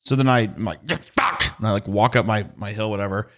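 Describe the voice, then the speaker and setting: A man's voice: on the low side, fairly even intonation, fast. A man hosting a comedy podcast, telling an exasperated, profane story in a casual way. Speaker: podcast host.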